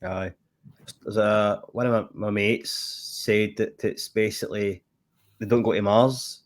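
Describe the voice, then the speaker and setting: Guy rambling about films, low voice, chatty and easygoing. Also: steady tone, a little slow. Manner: chatty, rambling, easily amused. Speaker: podcast co-host. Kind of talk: casual chat.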